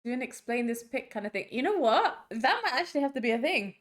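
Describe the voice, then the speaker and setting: A woman co-hosting a podcast, chatting casually and laughing often, with quick asides. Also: fairly high pitch, very animated. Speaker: podcast co-host. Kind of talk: casual chat.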